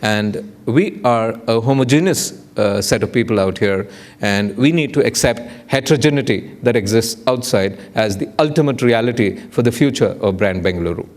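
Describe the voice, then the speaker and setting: A man's voice: mid-range voice, moderate pace. Playful man giving a lecture. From India. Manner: rhetorical, playful, questions the audience. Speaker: guest lecturer. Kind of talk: public lecture with anecdotes.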